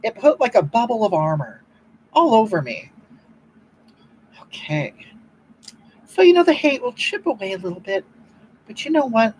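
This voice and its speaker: A performer, cast as a self-righteous older woman hosting a livestream, gushes and rambles about love while going through the chat, with big swoops in pitch and a repeated "you know what?" Her natural, slightly mellow voice moves at a moderate pace with frequent pauses. Slight background noise marks the low-quality recording of this comedic improvised monologue.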